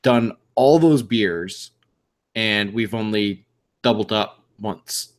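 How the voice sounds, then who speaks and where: A man co-hosting a casual beer podcast, reacting quickly and lively. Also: lowish voice. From Canada. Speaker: podcast co-host. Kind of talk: casual chat.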